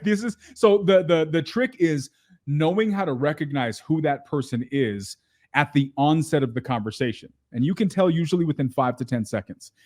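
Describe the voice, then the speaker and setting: A man's voice: a little high, darkish tone. A man who is a guest on a podcast, explaining his ideas step by step in a conversational way. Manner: explains step by step, acts out quoted voices. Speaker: podcast guest, real estate investor. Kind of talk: casual interview chat.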